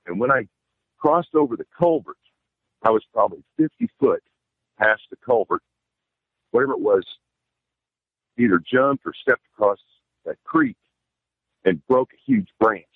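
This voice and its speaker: A man's voice: lowish voice, no room sound. A man telling a first-person outdoor encounter story in a rambling, plainspoken way, using folksy phrasing. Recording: tinny phone line, dry.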